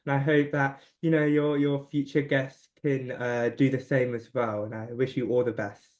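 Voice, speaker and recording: A man of about twenty, a podcast guest, talking casually in a chatty, self-deprecating way with quick restarts. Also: mid-range voice, flat delivery. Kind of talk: casual chat.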